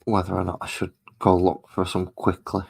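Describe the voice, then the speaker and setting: A man's voice: sits low, monotone, normal speed, vocal fry, breathy edge, low-quality recording. A man chatting casually and thinking aloud, a little self-deprecating, while he paints miniatures at his hobby desk at home.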